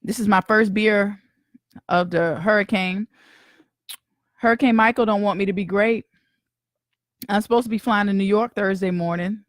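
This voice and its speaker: A woman's voice: medium pitch, steady tone, normal speed, pauses often, no room sound, clean studio sound. Chatty woman podcast host. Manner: chatty, greets viewers by name, slangy. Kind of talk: casual live-stream chat.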